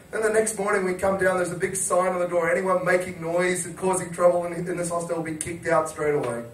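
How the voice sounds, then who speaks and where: A man's voice: sits high, fast, few pauses, reverberant, distant mic, poor audio. A man on a chat show, telling a story casually, laughing and acting out quotes. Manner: animated, laughing, acts out quotes. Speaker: wrestling chat show guest.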